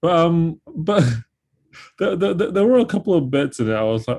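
This is a man co-hosting a casual podcast conversation about a film. He sounds relaxed and wry. He often trails off and starts his sentences again. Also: fairly high pitch, normal speed. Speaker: podcast co-host.

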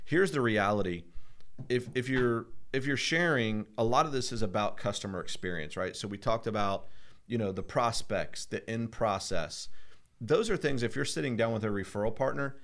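A man's voice: mid-range voice, moderate pace, a bit bright. A man co-hosting a casual podcast, explaining points in an upbeat way and often asking "right?". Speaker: podcast co-host.

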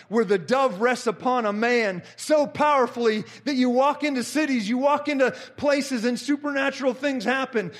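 A middle-aged man preaching a fervent sermon, repeating phrases and rising to shouts. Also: extremely high pitch.

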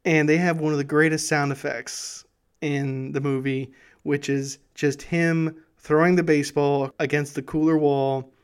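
Smooth-voiced man telling history. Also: on the high side, little pitch movement, a little slow. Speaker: history podcast host. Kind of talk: casual storytelling.

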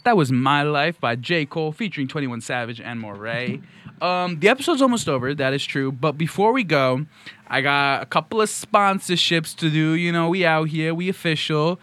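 A young man hosts a casual podcast in a playful, joking way. His voice sits a little high. He sounds relaxed as he wraps up the show. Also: normal speed. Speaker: podcast host.

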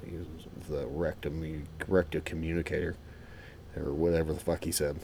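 A young adult man, a former Marine and firefighter, casually telling a profane, animated story as a podcast host. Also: a bass voice, moderate pace, gravelly, slight background noise.

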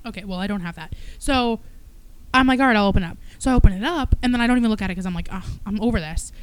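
A woman's voice: mid-range voice, racing, a little hiss or hum, poor audio. A young woman co-hosting a podcast, telling stories in a casual chat, laughing often and swearing freely. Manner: laughs a lot, swears, animated storytelling. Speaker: podcast co-host.

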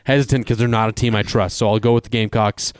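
A man chats through his college football betting picks in a loose, hedging way, dropping fillers as he thinks aloud. His voice is smooth and clear. The sound is dry and close, with no room around it. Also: lowish voice, fairly even intonation, fast talker, no echo. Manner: hedging, conversational with many fillers. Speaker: sports betting co-host. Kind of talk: casual sports betting chat.

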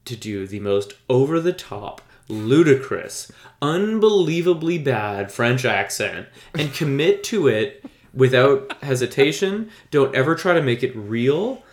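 A man's voice: medium pitch, sing-song, measured pace, roomy sound. A man co-hosting a casual podcast chat, rambling and enthusiastic, with lots of fillers. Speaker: podcast co-host.

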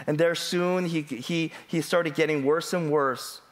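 A middle-aged male pastor preaching a sermon, moving between relaxed storytelling and emphatic, rising preaching. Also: on the high side, unhurried. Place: church.

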